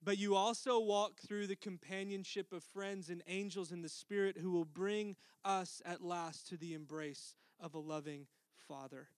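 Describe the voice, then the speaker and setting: A middle-aged man preaching a sermon as pastor, earnest, dropping to a soft hush for tender lines. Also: sits high, steady tone, normal speed, few pauses, clear, resonant tone, no echo.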